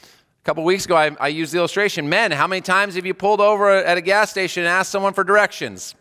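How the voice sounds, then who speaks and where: Male chaplain preacher, 30s, bright, slightly high voice, chatty sermon delivery, long hall reverb. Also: steady tone, fast, clean tone. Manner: conversational, rhetorical questions, drops soft for prayers.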